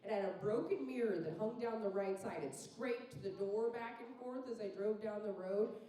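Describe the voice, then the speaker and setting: Picked up by a distant microphone in a roomy club, this stand-up comedian from Phoenix, Arizona, a woman in her thirties, jokes at her own expense and chats with the crowd. Her mid-range voice moves at normal speed and carries a warm tone.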